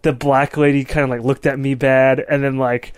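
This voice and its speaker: A man's voice: mid-range voice, little pitch movement, normal speed, smooth, no echo. A man co-hosting a casual movie review podcast, talking in long, loose stretches full of "like" and "you know". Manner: rambling, heavy use of "like" and "you know". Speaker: podcast co-host. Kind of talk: casual film review chat.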